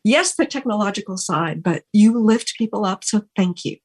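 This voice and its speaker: A woman radio talk show host speaks with open gratitude. Her voice sits at a middling pitch, and her sentences often stop and restart as she searches for words. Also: expressive, normal speed, slightly rough. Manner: earnest, gushing and grateful, with many restarts. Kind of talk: heartfelt on-air thank-yous.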